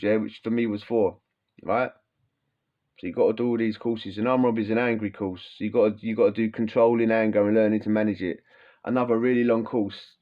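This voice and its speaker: A man hosts a podcast, ranting in a blunt, mocking and sweary way with plenty of animation. His voice sits at an ordinary pitch for a man. The recording sounds dull and lo-fi. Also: a little mellow. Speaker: podcast host, former prisoner. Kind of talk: casual ranting monologue.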